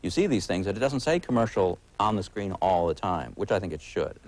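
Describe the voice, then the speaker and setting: A man in his forties, a TV critic guesting on a talk show, speaking in a halting, wry way full of uh's and restarts. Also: sits low, very animated, a little mellow, rough recording. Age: 40s. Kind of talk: casual talk-show conversation.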